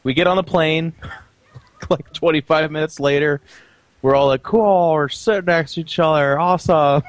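A man co-hosting a casual podcast, telling a quick, relaxed anecdote. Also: a little high, dry recording. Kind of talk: casual storytelling.

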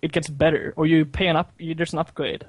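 Halting man, slightly high voice. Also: little pitch movement, no room sound. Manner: halting, full of fillers and restarts. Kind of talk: casual gaming chat.

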